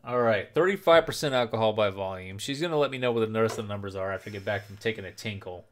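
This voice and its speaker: A man's voice: on the low side, fast, a bit bright. Profane, rowdy young man streaming. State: drinking alcohol. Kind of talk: casual live-stream chat.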